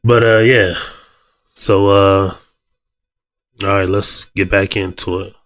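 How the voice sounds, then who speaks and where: A young man with a fairly low voice and a cold, talking loosely in slang as he reacts to a video. He speaks straight to his viewers in a relaxed, offhand way. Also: slow. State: sick with a cold. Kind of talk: casual reaction commentary.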